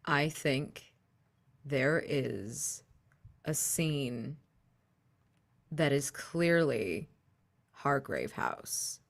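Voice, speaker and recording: A woman improvises her part in a tabletop game. Her voice is low and her pace slow. She talks tentatively and builds each idea aloud. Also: expressive, vocal fry. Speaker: player.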